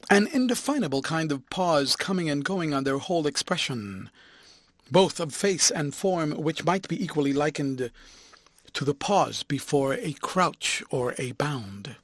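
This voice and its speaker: A man reading a classic novel aloud as an audiobook, with lively, expressive narration. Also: a little high, no echo, studio quality.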